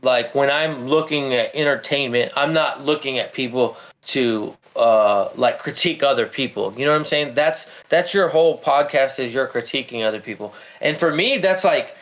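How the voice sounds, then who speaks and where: A man's voice: mid-range voice, moderate pace, hardly any pauses, fairly bright tone. A man hosting a livestream who argues heatedly, stammers and repeats himself as he tells a story. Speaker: livestream host. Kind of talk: heated debate. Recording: dull lo-fi stream audio.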